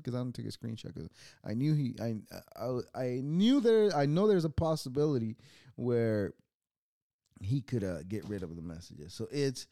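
A man's voice: mid-range voice, lively intonation, normal speed, mellow, dry recording, clean studio sound. A young adult man hosting his own show, ranting casually with a lot of swearing and mocking laughter. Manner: profane, mocking, laughs often. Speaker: podcast host.

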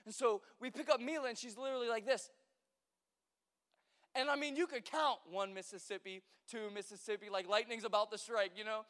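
Very high-voiced young man preaching. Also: steady tone, fairly quick, a bit bright. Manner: chatty, joking storyteller with many fillers. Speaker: pastor. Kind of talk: conversational sermon. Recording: long hall reverb.

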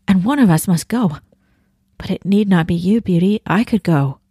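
A woman reading aloud as a gentle, thoughtful older sister in a storybook passage. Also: medium pitch, moderate pace, breathy edge, no room sound, studio quality. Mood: earnest.

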